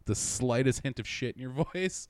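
A man's voice: medium pitch, fairly even intonation, normal speed, dry recording, clean studio sound. A man co-hosting a casual podcast, reading out listener comments, laughing often and swearing freely. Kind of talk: casual chat.

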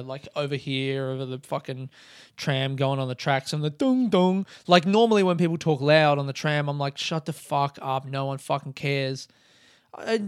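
An Australian man rambles through a casual story, swearing freely and getting animated along the way. His voice sits a bit high for a man and comes across smooth and resonant. He is recorded close and dry, with no room sound. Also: no echo. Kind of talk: casual solo monologue.

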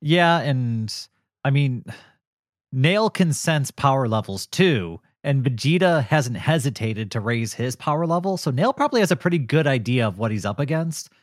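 A man co-hosting a podcast recorded close and dry, with no room sound at all. He talks in a loose, casual review style, keen and often laughing. His voice sits at an ordinary middle pitch. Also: animated, normal speed, dry recording. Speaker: podcast co-host. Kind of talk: casual episode review chat.

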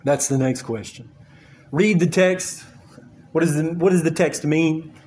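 An earnest male preacher with a slightly higher than usual voice. He speaks haltingly, with many fillers and restarts, as he explains a passage to his congregation. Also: a little mellow. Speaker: pastor. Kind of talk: sermon.

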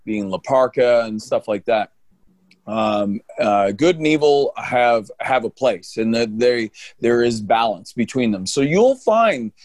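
A man's voice: mid-range voice, expressive, measured pace, darkish tone, no room sound. A man from Canada co-hosting a podcast, talking in a loose, rambling way with frequent restarts. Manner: rambling, many fillers and restarts. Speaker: podcast co-host. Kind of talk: casual podcast chat.

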